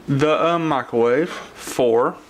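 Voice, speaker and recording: A man with a mid-range voice talks slowly as he hosts a casual home cooking video in his kitchen, rambling with plenty of fillers and restarts. The home kitchen recording is noisy, with dishes and cutlery clattering in the background.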